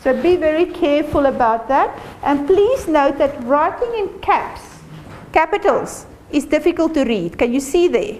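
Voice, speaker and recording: Woman lecturer, high voice, direct teaching tone, faint room hum behind. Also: expressive, normal speed, a little mellow, poor audio. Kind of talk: classroom lecture on presenting.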